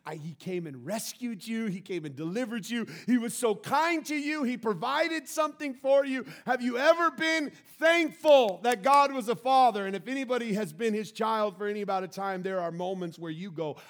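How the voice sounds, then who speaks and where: A man preaching a sermon, reading scripture and acting out the characters, with laughter and sudden loud bursts. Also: sits high. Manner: animated, acts out the scripture with shouts and laughter. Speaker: pastor.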